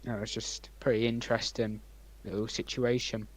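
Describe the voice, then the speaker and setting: A young man co-hosting a podcast, rambling through anecdotes with many ums and likes and swinging between loud and quiet. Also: lowish voice, little pitch movement, moderate pace, rough recording. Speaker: podcast co-host. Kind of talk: casual storytelling chat.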